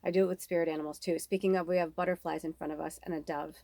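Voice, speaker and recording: A psychic medium in her thirties gives a casual spiritual reading monologue, talking candidly, rambling, and swearing freely. Her voice is lowish, steady, rapid-fire, gravelly, and dark, with no echo.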